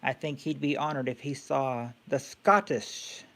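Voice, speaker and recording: A man's voice: mid-range voice, steady tone, measured pace, a bit bright. A man hosting a casual live-stream quiz game, thinking aloud with many fillers and restarts.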